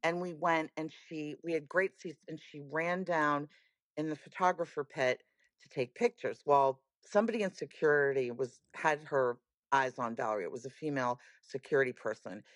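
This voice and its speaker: A woman guest on a chat podcast, telling animated stories with lots of emphasis. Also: low-pitched, normal speed, no room sound. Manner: lively storyteller, animated and emphatic. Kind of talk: casual chat.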